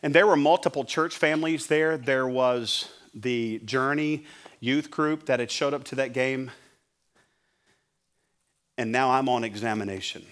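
A middle-aged man preaching as a pastor, telling an animated sermon story and acting out his own shouting. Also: mid-range voice, measured pace. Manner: animated, acts out his own yelling at a referee.

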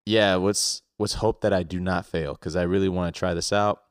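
A young man with a very deep voice co-hosts a podcast, chatting casually and swearing freely. He sounds loose and laughs at himself. The sound is close and dry. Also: steady tone, moderate pace, smooth, no room sound. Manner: loose, profane, self-mocking. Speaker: podcast co-host. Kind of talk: casual chat.

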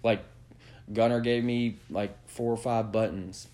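A man's voice: lowish voice, fairly even intonation, a little slow, dark tone. A man hosting a podcast, delivering a blunt, profanity-heavy rant that lectures his listeners. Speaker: podcast host. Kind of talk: opinionated rant.

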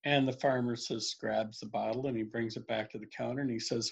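A husky man telling jokes, lo-fi sound. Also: mid-range voice, fairly quick, few pauses. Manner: relaxed storyteller, voices characters. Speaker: joke teller. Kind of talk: casual joke telling. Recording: dull lo-fi sound.

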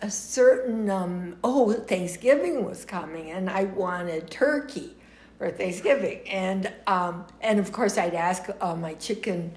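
An older woman with an American accent, telling lively stories in a casual interview and laughing often. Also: mid-range voice, slow pace, reverberant. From United States.

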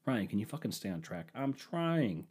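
A man's voice: on the low side, moderate pace, husky. A young man hosting a podcast, telling stories casually, swearing often and getting heated when he retells arguments. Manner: profane, animated ranting when retelling arguments. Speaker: podcast host. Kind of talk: casual storytelling.

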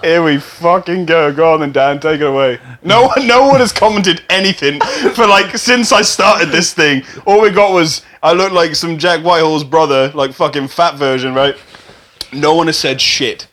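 Laughing young guy, high voice. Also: normal speed, a bit bright. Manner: laughs a lot, swears freely. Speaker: podcast host. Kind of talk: casual chat.

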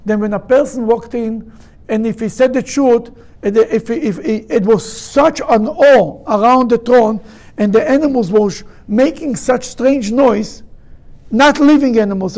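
A man leading a Torah study class, explaining in a halting, animated way and acting out quoted speakers. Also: very high voice. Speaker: rabbi teaching a study group.

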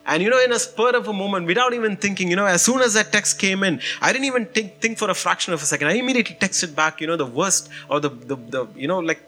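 Male pastor, animated sermon storyteller, bright tone over soft music. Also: high-pitched, fast talker, hardly any pauses. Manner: animated storytelling, frequent "you know" and "man".

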